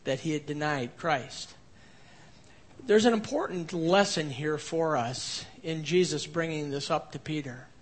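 A man preaching a sermon verse by verse as a pastor, rising to emphatic peaks and then dropping to quiet low passages. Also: measured pace. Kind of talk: expository sermon.

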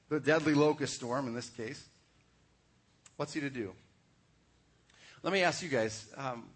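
A pastor preaching a sermon in a conversational way, asking the congregation questions. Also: male voice, fairly high pitch, fairly bright tone.

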